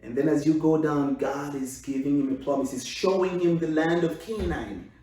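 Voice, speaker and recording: A man preaching a sermon as pastor, swinging between loud exclamations and hushed, intimate speech. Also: on the high side, moderate pace. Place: church sanctuary. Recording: echoey room, far from the mic.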